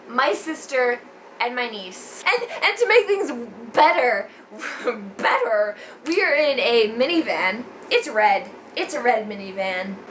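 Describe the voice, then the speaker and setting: A young woman vlogger telling a story in casual chat, animated, swearing and laughing often. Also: a little high, a little hiss or hum.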